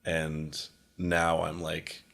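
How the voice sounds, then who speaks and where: A man's voice: rumbling low, monotone, very slow, gravelly, a bit bright. A young man hosting a podcast, talking casually and rambling with lots of filler words, acting out conversations he has had. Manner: rambling, frequent "like" fillers, acts out quoted exchanges. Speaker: podcast host.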